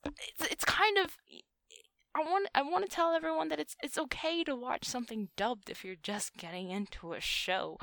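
A young woman co-hosting a podcast in casual chat, chatty and quick to laugh. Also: medium pitch, no echo. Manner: chatty, laughs often, animated. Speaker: podcast co-host.

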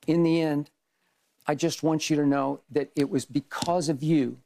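An older man, a sports debate host, giving an earnest, measured farewell tribute to his co-host, with wry jabs. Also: on the high side, steady tone, gravelly, warm tone.

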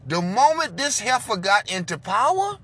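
A man in a car delivering an impassioned, preachy monologue, swinging between loud outbursts and low hushed lines. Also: very animated, normal speed, breathy edge.

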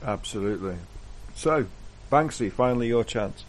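A man's voice: mid-range voice, lively intonation, normal speed. A man on a casual podcast who bluntly moves the conversation along between segments. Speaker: podcast co-host. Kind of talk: casual chat. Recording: clear background noise.

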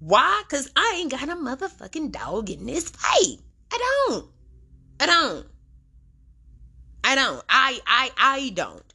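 A woman's voice: mid-range voice, sharp tone. A young adult woman hosting a podcast, giving a blunt, profane, slang-heavy commentary monologue. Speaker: podcast host.

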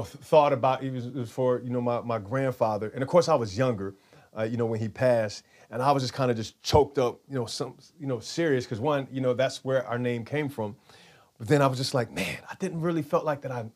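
A man preaching a sermon in a conversational way, often repeating words and having the congregation say lines back. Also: medium pitch. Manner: conversational, repeats words, leads call-and-response.

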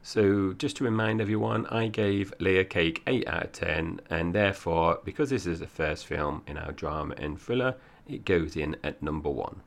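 A man's voice: low voice, normal speed, creaky, few pauses. A man in his forties from Essex, with a slight Cockney accent, co-hosting a film podcast in rambling casual chat. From Essex, England. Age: 40s. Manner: chatty, rambling, laughs often. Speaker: podcast co-host.

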